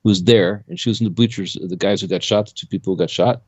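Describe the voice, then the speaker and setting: A man co-hosting a talk radio show in a loose, conversational way. His voice sits fairly low but leaps upward whenever he drives a point home. The sound is dry and slightly dull. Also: quick pace, breathy edge, no room sound. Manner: animated, jumps pitch when making a point. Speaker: co-host. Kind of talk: casual conspiracy talk radio chat.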